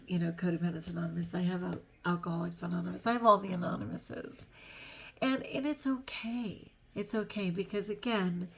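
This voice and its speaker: Her voice is husky and lowish as this middle-aged vlogger shares earnest, faith-filled reflections. She talks in a chatty way, pokes fun at herself, and laughs often between ideas.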